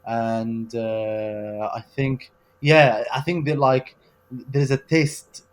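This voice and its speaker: A man's voice: medium pitch, level tone, drawn-out words. A man with a slight Northern English accent, a podcast guest talking hesitantly with many fillers. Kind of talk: casual podcast chat.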